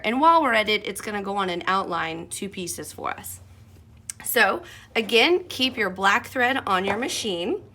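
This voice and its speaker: A woman's voice: mid-range voice, sharp tone. A woman explaining a machine embroidery project step by step in a friendly, chatty way while working at her sewing station. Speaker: sewing instructor.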